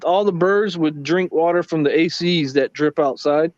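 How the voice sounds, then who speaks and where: A man's voice: on the high side, moderate pace, hardly any pauses, dry recording. A man on a casual late-night livestream, telling laid-back, profane stories about work and travel. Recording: dull, muffled sound.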